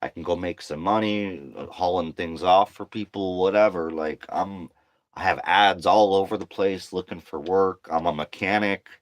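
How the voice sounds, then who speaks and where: A man's voice: deep voice, moderate pace, dry recording. A tired man venting to camera in a slangy, profane monologue, worn down and getting heated. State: exhausted.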